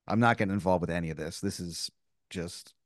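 A man's voice: low-pitched, a little fast, no echo, studio quality. A man on a comedy podcast reacting to a story with blunt, profane remarks and laughter. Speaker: podcast co-host. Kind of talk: casual comedic banter.

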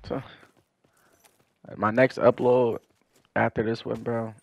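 A man's voice: mid-range voice, little pitch movement, slow, gravelly, dry recording, muffled recording. A young man giving profane gameplay commentary, ranting in exasperation about how his opponents play. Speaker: gaming commentator.

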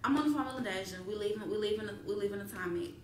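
A young woman rattles through a heated story at a rapid clip, blunt and profane, and slips into quoted voices as she goes. Her voice sits mid-range and bounces around a roomy space, with a faint hiss beneath it. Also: medium pitch. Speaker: streamer speaking on a live stream.

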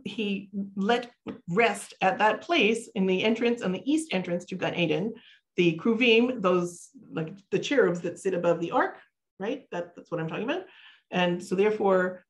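A woman giving a Torah class online from her computer. She moves between English explanation and read-out Hebrew verses, stopping often with fillers and restarts. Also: medium pitch. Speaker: teacher.

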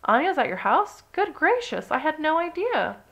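A woman doing a high, flustered mother mouse. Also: animated, moderate pace.

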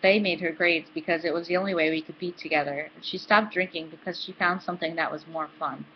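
A woman hosting a book club, reading a novel aloud in a steady, dry manner. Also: deep voice, quick pace, dull audio, a little hiss or hum.

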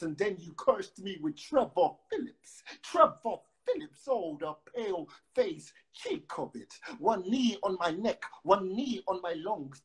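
A man, a poet, chatting loosely with many fillers and then reciting spoken word verse with rhythmic emphasis over a phone live stream. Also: sits high. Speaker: guest poet. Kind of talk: casual chat and spoken word poetry reading. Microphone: phone on a live video stream.

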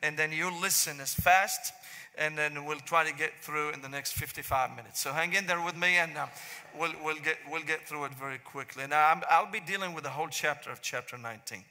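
Syrian-accented male preacher, middle-aged, bright ringing tone, long reverb in a big sanctuary. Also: on the high side. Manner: joking storyteller turning to slow solemn prayer. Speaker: pastor. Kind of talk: sermon. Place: large church sanctuary.

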